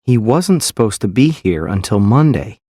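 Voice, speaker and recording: A man reading grammar exercise sentences in a plain, clear manner. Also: on the low side, very animated, normal speed, dark tone, dry recording, clean studio sound. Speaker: example sentence reader.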